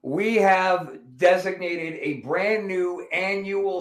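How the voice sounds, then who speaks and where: High-voiced cursing podcast host in echoey room. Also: male voice, moderate pace. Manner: profane, animated storyteller. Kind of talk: casual podcast chat.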